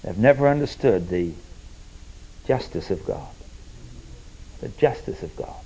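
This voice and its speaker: A man preaching a sermon, explaining with everyday stories and moving between emphatic points and quiet, earnest asides. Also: medium pitch, animated, unhurried, long pauses, breathy edge, low-quality recording. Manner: conversational, illustrates with everyday stories.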